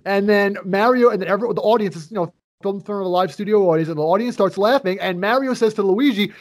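Man, podcast co-host, high-pitched voice, rambling, profane casual chat. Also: fast talker. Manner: rambling, profane, loose storytelling.

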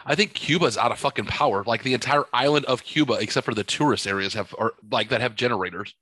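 Bright-voiced ranting man, dry mic. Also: mid-range voice, fast, husky, no echo. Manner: ranting, sarcastic, heavy swearing. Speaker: podcast co-host. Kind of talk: casual profane podcast chat.

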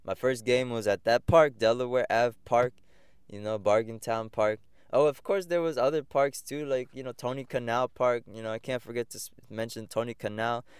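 A man's voice: mid-range voice, fairly even intonation, moderate pace, clear, resonant tone, no room sound, clean studio sound. A young man hosting a podcast, telling rambling, reflective stories from his own life in casual talk. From United States. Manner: rambling and reflective, many fillers and restarts. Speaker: podcast host. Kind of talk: casual personal storytelling.

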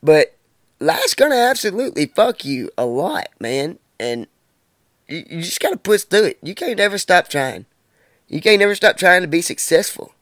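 A man's voice: high voice, very animated, moderate pace, fairly bright tone, dry recording, clean studio sound. A man in his twenties talking alone on his podcast, blunt and heavy on profanity, ranting about his life. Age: 20s. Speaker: podcast host. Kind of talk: casual monologue.

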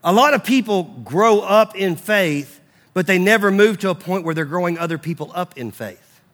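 A man preaching a sermon, animated and acting out quoted voices as he teaches from the Bible. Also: sits high, moderate pace. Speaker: pastor.

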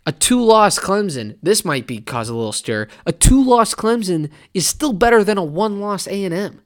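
A man's voice: high-pitched, sing-song, normal speed. A man hosting a sports podcast, talking casually and animatedly in a rambling way, now and then slipping into mock fan voices. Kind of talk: casual college football opinion talk.

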